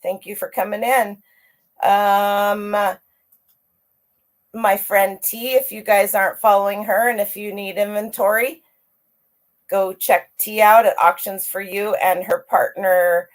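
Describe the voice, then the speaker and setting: A middle-aged woman hosts a casual livestream in a chatty, upbeat way. She greets viewers by name at a slow, easy pace, and her voice sits at an ordinary middle pitch. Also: steady tone. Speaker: livestream host greeting chat.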